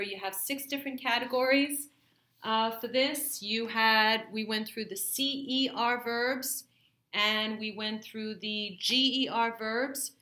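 Slow, bright-voiced woman teacher. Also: on the high side. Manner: patient, checks in with "okay?" often. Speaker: French teacher. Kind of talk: classroom grammar lesson. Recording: echoey room.

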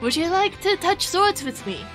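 A woman's voice: extremely high pitch, expressive, normal speed, fairly bright tone, faint music behind, pitched above the performer's own voice. A woman playing Genji, a flirty cyborg ninja. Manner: hammy, innuendo-laden. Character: flirty male cyborg ninja, awkward suitor.

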